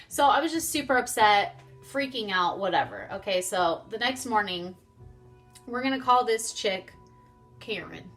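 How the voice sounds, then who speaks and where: A woman's voice: mid-range voice, animated, measured pace, fairly bright tone, soft background music. A young woman vlogger chatting casually and animatedly through a storytime, swearing freely. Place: home, getting ready on camera.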